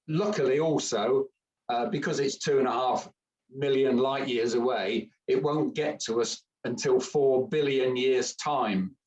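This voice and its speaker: A man's voice: medium pitch, a little mellow. Chatty man, far from the mic. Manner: chatty, joking, hesitant with fillers. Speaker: camera club presenter. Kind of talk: informal club talk.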